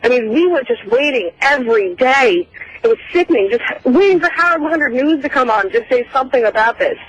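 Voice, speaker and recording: A woman's voice: sits high, animated, fairly quick, breathy edge. A woman calling in to a radio show, complaining and pressing her point. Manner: complaining, insistent. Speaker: caller. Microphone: telephone. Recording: dull, dry phone line.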